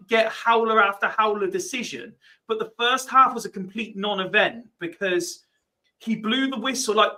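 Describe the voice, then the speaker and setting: A man's voice: high voice, pushed and bright, low-quality recording. A man co-hosting a football podcast, chatting in a wry, sarcastic way. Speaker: podcast co-host. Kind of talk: casual football chat.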